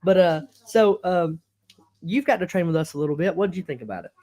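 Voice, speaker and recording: Young man hosting a podcast, slightly high voice, loose rambling storytelling with frequent laughs. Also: fairly quick, warm tone. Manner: laid-back, rambling, laughs often. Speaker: podcast host. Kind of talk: casual storytelling chat.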